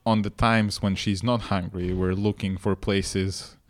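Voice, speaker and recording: A man with a low voice chats on a podcast and tells a story at length. He often restarts his sentences mid-thought. The sound is dry and close. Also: fairly even intonation, a little slow, no echo. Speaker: podcast co-host. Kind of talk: casual podcast chat.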